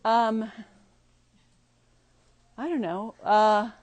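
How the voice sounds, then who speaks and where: A woman leads a group discussion in a casual teaching tone. She hesitates, fills pauses and laughs easily. The sound is close and dry, with no room echo. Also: on the high side, a little mellow. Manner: halting, many fillers, laughs often. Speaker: workshop leader.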